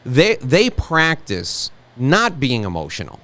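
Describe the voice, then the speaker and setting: A middle-aged American man hosting an interview, chatty and openly emotional, talking in quick asides with frequent restarts. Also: mid-range voice, huge pitch swings, a bit bright. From United States. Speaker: podcast host and interviewer. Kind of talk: casual interview conversation.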